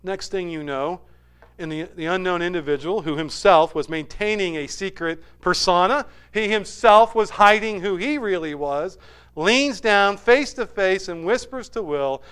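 A man retelling a movie story in an animated sermon style, swinging between loud bursts and hushed asides. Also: sits high, measured pace, clear, resonant tone. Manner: animated retelling with sudden soft drops.

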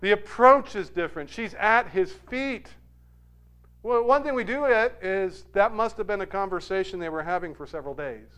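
A man preaching a sermon, rising to loud emphatic peaks and dropping to quiet, soft asides, acting out quoted lines with feeling. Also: high-pitched, moderate pace, clear, resonant tone.

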